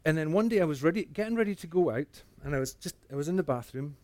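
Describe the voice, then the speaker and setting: A man telling a personal faith testimony, earnest, dropping to a hush and then rising again. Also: a little high, fast, dry recording. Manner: earnest storytelling that swings between hushed and animated. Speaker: speaker giving a testimony.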